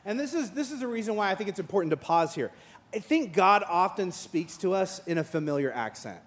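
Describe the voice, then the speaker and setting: A man with a notably high voice delivers a sermon as a pastor. He moves between humorous asides, where he acts out imagined conversations, and sincere, thoughtful teaching. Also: animated, a little fast. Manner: humorous storytelling with acted-out dialogue; earnest and reflective in teaching parts.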